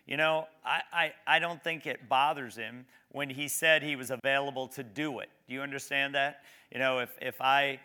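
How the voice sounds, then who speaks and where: A man preaching a sermon, reading scripture slowly and emphatically, then talking conversationally and asking the congregation questions. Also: medium pitch, fairly even intonation, sharp tone, smooth. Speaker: pastor.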